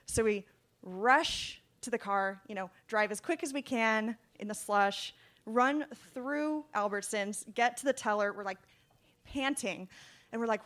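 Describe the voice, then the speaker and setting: A young woman in her twenties tells a personal story in a medium-pitched voice. Her delivery is lively and conversational. Now and then she drops into a hushed, whispered aside. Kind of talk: personal story told to an audience.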